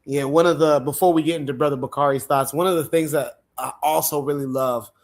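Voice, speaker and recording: A man hosting a livestream panel chat, animated and laughing often, acting out quoted lines. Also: fairly high pitch, brisk. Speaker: podcast host.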